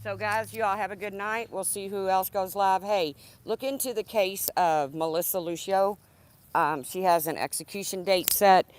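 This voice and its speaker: A woman's voice: mid-range voice, fairly even intonation, moderate pace, no echo. A woman chatting casually on a livestream, rambling and talking to her dog. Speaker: livestream host.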